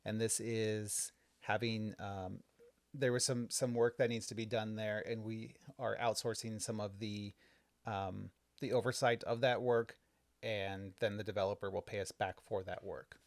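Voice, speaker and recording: Low-voiced man explaining local board business. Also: a little slow, no room sound. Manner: relaxed and explanatory, with frequent ums and restarts. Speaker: village trustee and podcast co-host. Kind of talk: casual podcast chat recapping a board meeting. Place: home.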